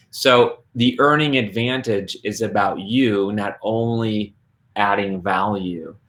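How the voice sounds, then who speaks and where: A man hosting a live online book launch, enthusiastic, repeating his points and speaking to the audience as folks. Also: fairly low pitch. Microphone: live online video stream.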